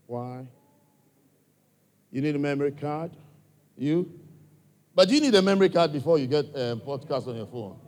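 A man's voice: on the high side, lively intonation, moderate pace, long pauses, a little mellow. African-accented man questioning a crowd. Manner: coaxing, direct, asks the audience many questions. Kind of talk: live address to a crowd, questioning listeners.

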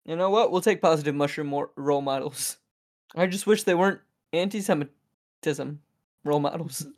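A man's voice: on the high side, normal speed. A man chatting casually as a podcast guest, joking and laughing easily. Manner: animated, jokey, laughs often. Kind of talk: casual chat.

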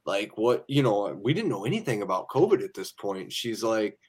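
A man guest on a casual podcast, recounting a story in a relaxed way and quoting his wife. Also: on the low side, moderate pace, breathy edge. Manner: relaxed storyteller with frequent fillers and quoted dialogue. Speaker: podcast guest, dent repair technician. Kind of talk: casual chat.

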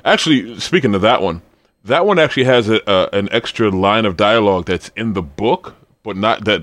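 A man with a very low voice talks in a loose, rambling way on a casual podcast. His sentences often drop away to a murmur at the end. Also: a bit bright, no echo. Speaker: podcast co-host. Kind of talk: casual chat.

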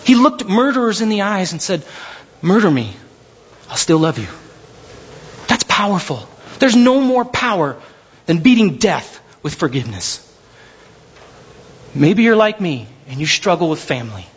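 A man's voice: sits high, big pitch swings, moderate pace, breathy edge, muffled recording. A man preaching a sermon as pastor, telling stories animatedly and acting out the voices of the people in them.

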